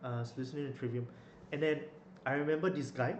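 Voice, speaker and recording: A man's voice: medium pitch, fairly even intonation, fast. A young man, telling a story in a rambling casual way with many fillers and restarts. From Malaysia. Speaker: vlogger. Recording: echoey room, faint noise.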